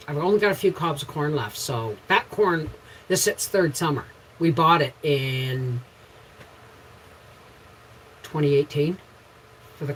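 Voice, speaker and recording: Slow, chatty Canadian woman livestream host. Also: low voice, a little hiss or hum, low-quality recording. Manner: chatty, greets viewers by name between stories. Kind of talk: casual live chat with viewers.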